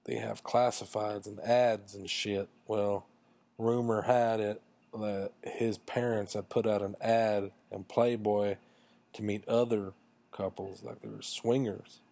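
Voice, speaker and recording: A low-pitched man rambles through a crude personal anecdote, mocking himself as he goes. His delivery is loose and casual, full of asides. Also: flat delivery, slow, gravelly, warm tone. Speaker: storyteller. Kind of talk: casual comic storytelling.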